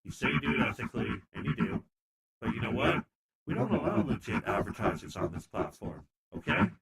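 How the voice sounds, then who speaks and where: A man's voice: lowish voice, big pitch swings, fairly quick, vocal fry, a bit bright, slight background noise, full character voice. A man voicing a smug male tech boss who mockingly scolds a user, through a voice changer. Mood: gloating. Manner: mocking, gloating.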